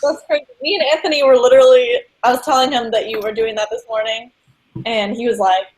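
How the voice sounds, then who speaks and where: Young woman, slightly high voice, enthusiastic casual chat. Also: steady tone, fast talker, low-quality recording. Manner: enthusiastic, frequent laughter. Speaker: co-host.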